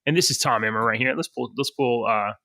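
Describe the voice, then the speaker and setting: A man's voice: mid-range voice, fast talker, bright, forceful tone, no room sound. A man co-hosting a podcast, chatting about the news in a joking, rambling way. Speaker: podcast co-host. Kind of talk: casual news chat.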